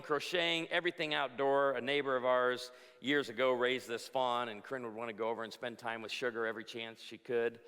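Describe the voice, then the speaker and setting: Speaking in a sharp, clean, medium-pitched voice, a pastor in his forties from outside Chicago delivers a funny conference talk to a live crowd. He trades jokey stories and punchlines and calls for amens. The large hall echoes with reverb.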